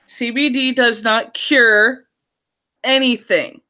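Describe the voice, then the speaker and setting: A woman's voice: on the high side, slow, sharp tone. A woman co-hosting a podcast, talking bluntly and laughing easily in casual news chat. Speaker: podcast co-host.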